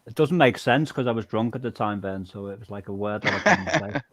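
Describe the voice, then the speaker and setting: A man's voice: fairly low pitch, a little fast, fairly bright tone. A man in a casual group chat who rambles and laughs often. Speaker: live chat panelist.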